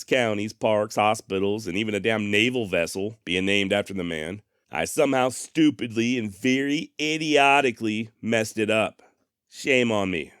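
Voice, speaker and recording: A man with a fairly low pitch and a clean tone hosts a history podcast, recorded in a clean studio with no echo. He tells the story in a wry, sarcastic, folksy way, with homespun turns of phrase, and often pokes fun at himself.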